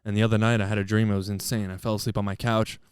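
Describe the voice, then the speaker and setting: A man's voice: fairly low pitch, little pitch movement, racing, clear, resonant tone, dry recording, studio quality. A man co-hosting a podcast, telling a long story in loose, profane, laughing casual chat. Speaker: podcast co-host. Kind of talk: casual storytelling among friends.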